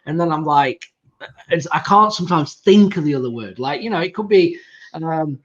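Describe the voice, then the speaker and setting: A man's voice: fairly high pitch, lively intonation, normal speed, fairly bright tone, muffled recording. A man with an English accent hosting a casual interview, rambling with lots of fillers and laughing easily. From England. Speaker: podcast host.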